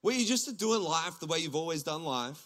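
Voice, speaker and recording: An Australian man, a pastor, preaching a lively sermon from a church stage, his voice climbing to near-shouts. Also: a little high, normal speed. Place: church stage before a congregation.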